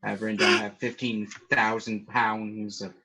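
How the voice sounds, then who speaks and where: A man playing in a tabletop game, sheepish and halting. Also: fairly low pitch, flat delivery, background noise. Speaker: player. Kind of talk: casual tabletop play.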